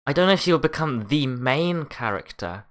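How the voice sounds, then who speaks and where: A man with a New Zealand accent co-hosting a casual chat, talking in a relaxed way with many fillers and restarts. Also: mid-range voice, moderate pace.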